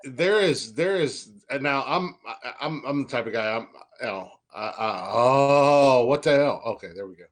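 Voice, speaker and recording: A man's voice: mid-range voice, expressive, normal speed, hardly any pauses. A young man hosting a podcast, telling stories in a rambling, profane way and often stammering into restarts. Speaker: podcast host. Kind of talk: casual podcast banter.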